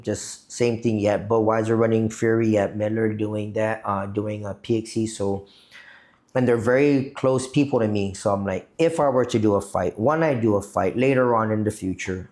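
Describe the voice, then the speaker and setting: A man's voice: on the low side, a little mellow. A man from Guam, a podcast guest, telling a long profane story in a rambling, casual way. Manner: profane, rambling, repeats "you know what I mean".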